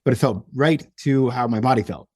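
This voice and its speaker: A man's voice: medium pitch, a little mellow, slightly rough, dry recording, studio quality. Earnest young man telling a personal story. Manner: earnest, emotional, halting with many restarts. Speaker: podcast guest.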